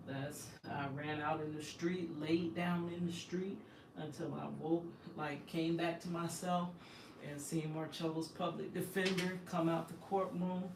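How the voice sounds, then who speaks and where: A woman's voice: sits low, level tone, measured pace. A woman host telling her own story in an emphatic, impassioned, indignant way. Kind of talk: emotional personal storytelling. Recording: echoey room, distant from the mic, faint background noise.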